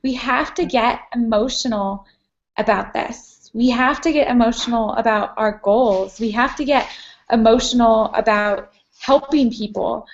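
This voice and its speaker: A woman's voice: fairly high pitch, a little slow. A woman leading a team call, speaking in an emphatic, encouraging way. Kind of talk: encouraging casual chat. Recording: dull lo-fi sound from a distance.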